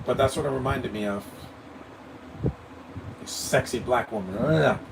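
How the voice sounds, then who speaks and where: Gravelly, blunt man ranting at a distance. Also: medium pitch, unhurried. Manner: blunt, opinionated, rambling with repeated stammers. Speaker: movie commentator. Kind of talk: live movie commentary. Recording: distant mic with air-conditioning hum.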